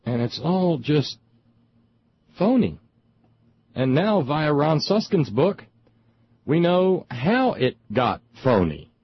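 A middle-aged man hosting a talk show, delivering an indignant, sarcastic political monologue with frequent halting repeats. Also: on the high side, very animated, husky, dry recording, lo-fi sound. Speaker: talk radio host.

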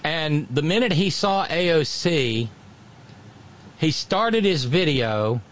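Southern-accented radio host, man, fairly high voice, lively swings in pitch, salty and restless. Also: slow pace. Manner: profane, animated, repeats words when starting. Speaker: radio talk show host. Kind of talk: political talk radio.

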